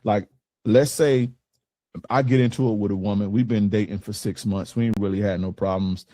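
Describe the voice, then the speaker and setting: A man's voice: fairly low pitch, fairly even intonation, normal speed, dark tone, dry recording. Blunt, profane man coaching on dating. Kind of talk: casual coaching talk to a group.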